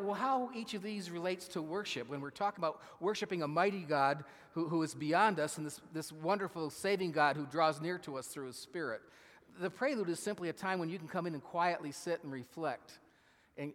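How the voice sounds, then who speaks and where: A man's voice: on the high side, a bit bright. Conversational male pastor in a reverberant church. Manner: conversational, asks the congregation questions. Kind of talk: sermon. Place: church sanctuary.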